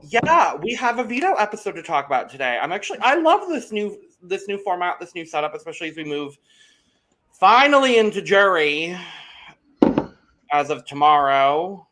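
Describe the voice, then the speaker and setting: A man chatting as a podcast co-host, gossipy and full of energy. His voice is bright and sits a bit high, and he swears freely. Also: big pitch swings, moderate pace. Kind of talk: casual chat.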